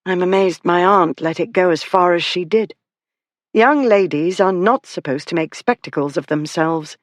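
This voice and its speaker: A blunt, clever young gentlewoman, as an audiobook narrator plays her, speaking in a low, frank voice. The recording is close and dry. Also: normal speed, no echo, close to an everyday voice. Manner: blunt, lowered voice.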